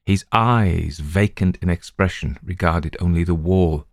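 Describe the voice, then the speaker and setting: A man reads a classic tale aloud in a low, deep voice, with even, steady pacing. The recording is dry and close-miked. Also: measured pace, vocal fry, no echo. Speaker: audiobook narrator. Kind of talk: scripted narration of a classic story.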